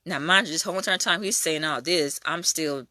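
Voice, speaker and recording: A young adult woman giving a casual spoken faith testimony, telling her story in an animated way. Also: deep voice, a little fast, no room sound, clean studio sound. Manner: animated storytelling, acting out quoted voices.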